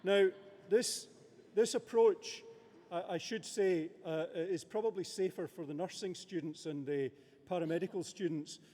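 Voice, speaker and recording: A middle-aged man presiding over a graduation ceremony, giving a formal speech with measured, hesitant delivery and many filler words, in a large abbey hall. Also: a little high, mellow. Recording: long reverb of a large hall.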